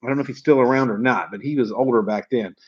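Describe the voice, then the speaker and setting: This is a fast, slightly rough, medium-pitched male voice belonging to a car sales trainer in his 40s. He curses freely and rambles through folksy, salty anecdotes delivered to camera. It's captured on a dull lo-fi recording.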